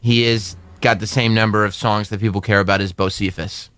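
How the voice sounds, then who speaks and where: A man's voice: lowish voice, level tone, brisk, fairly bright tone, smooth, dry recording. A man co-hosting a radio show, chatting casually and joking with a light laugh.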